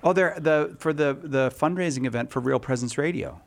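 A man's voice: a little high, a little fast, gravelly. A man hosting a call-in radio show, introducing callers and joking in mock offense. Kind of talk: casual radio banter.

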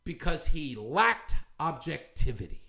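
A man's voice: fairly high pitch, big pitch swings, a little slow, sharp tone. A man hosting a commentary show, ranting in a heated, scornful, confrontational way. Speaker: talk show host.

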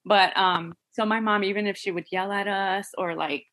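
A woman from New Jersey chatting casually as a podcast co-host and mother, talking in an animated way with frequent laughter and swearing. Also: medium pitch, normal speed. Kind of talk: casual chat.

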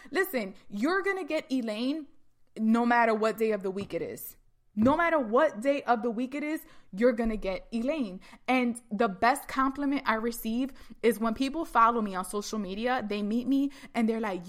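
A woman giving an energetic, emphatic motivational talk, speaking straight to her listeners. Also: a little high, normal speed.

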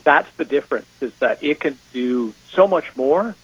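A Canadian man with a Canadian accent, a guest on a casual panel, talking in an animated, joking way with frequent laughs. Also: mid-range voice, normal speed, breathy edge. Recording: dull lo-fi audio.

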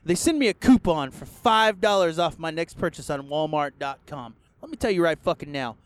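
High-voiced foul-mouthed man ranting. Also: expressive, fairly quick, few pauses, clean tone, dry recording. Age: adult, past a first marriage. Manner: crude, swears constantly, bursts into yelling. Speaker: podcast host. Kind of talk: profane casual rant. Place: inside a car on the road.

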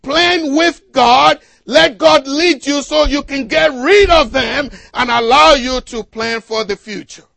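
A man preaching a sermon to a congregation, asking them to fill in the words and swinging between loud exhortation and quiet asides. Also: extremely high pitch, slow pace, creaky, few pauses, dry recording. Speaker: pastor.

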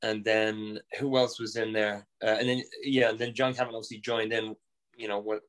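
A young Irish man from Ireland telling animated stories on a podcast, laughing, swearing and restarting his sentences. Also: on the low side, brisk. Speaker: podcast guest. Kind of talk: casual storytelling.

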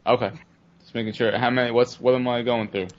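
Podcast co-host guy, dry deadpan jokes, average voice, muffled audio. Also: mid-range voice, quick pace. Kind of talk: casual podcast chat. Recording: dull lo-fi audio.

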